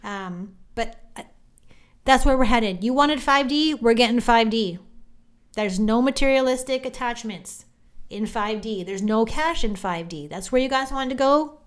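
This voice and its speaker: A woman hosting a podcast, talking in a chatty, animated monologue, often restarting her sentences. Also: fairly high pitch, unhurried. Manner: chatty, animated, self-interrupting. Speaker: psychic podcast host. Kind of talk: casual monologue.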